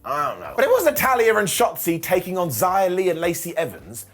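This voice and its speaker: A man in his thirties recapping a wrestling show in a sarcastic, jokey monologue full of quick mock impressions. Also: high-pitched, very animated, a bit bright, soft background music.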